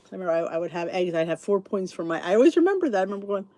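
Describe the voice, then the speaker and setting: A middle-aged woman hosts a podcast in a mid-range, warm voice, very animated and rapid-fire, on a dry recording. Sleepy and yawning, she rambles, thinks aloud, and answers live comments as she reads them.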